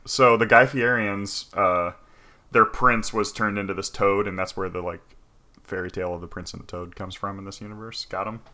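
Casual male co-host, lower pitch, bright forceful tone, rambly storyteller with fillers. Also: fairly even intonation, normal speed. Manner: rambling storytelling with filler words, acts out quotes. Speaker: podcast co-host recapping a game. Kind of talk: casual chat.

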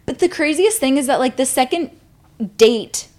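A woman's voice: high voice, lively intonation, normal speed, a little mellow. A young woman co-hosting a podcast, telling a story casually, swearing freely and acting out what people said. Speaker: podcast co-host.

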